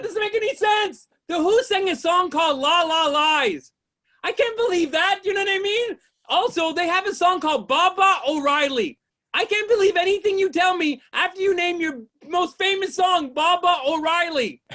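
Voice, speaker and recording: A man performs stand-up comedy with an extremely high-pitched voice. He rambles through setups, shouts exasperated punchlines, and keeps asking "you know what I mean?"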